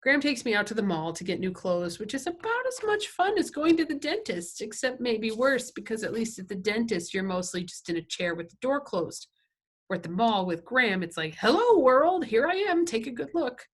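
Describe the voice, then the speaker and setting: A woman's voice: mid-range voice, sing-song, a little fast, a bit bright. A woman teacher at home reading a novel aloud, with casual asides that check in with her listeners.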